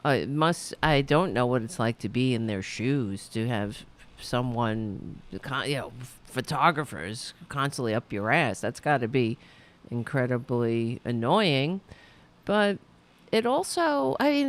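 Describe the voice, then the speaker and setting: A woman's voice: extremely low pitch, expressive, a little slow. A woman hosting her own livestream show, talking casually to her viewers in a rambling, profane way with sudden emphatic rises. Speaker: show host.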